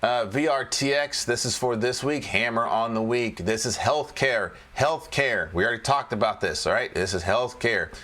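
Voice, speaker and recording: A man's voice: medium pitch, moderate pace, hardly any pauses, sharp tone. A man casually walking through stock charts as a trading educator, joking and repeating phrases as he goes.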